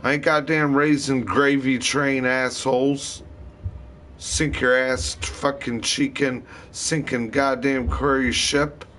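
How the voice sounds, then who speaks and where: A man's voice: medium pitch, flat delivery, takes it slowly, fairly bright tone, slight background noise. A man ranting in a rambling, disjointed way, swearing constantly as he talks to camera. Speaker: vlogger. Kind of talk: rambling profane rant to camera.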